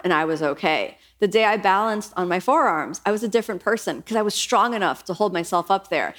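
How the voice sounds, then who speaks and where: A middle-aged woman yoga teacher who speaks earnestly and reflectively, lifting into lively voices when she quotes herself. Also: mid-range voice. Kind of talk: reflective podcast monologue.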